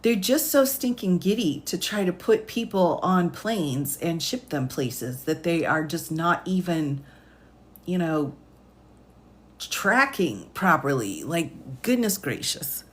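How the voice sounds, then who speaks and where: A woman with a lowish voice reads a legal filing aloud on a live stream and comments as she goes. She takes her time, breaks long sentences apart and rereads them. She cuts in with sighs and disbelieving questions. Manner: incredulous, interrupts her reading with sighs and "what?". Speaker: attorney.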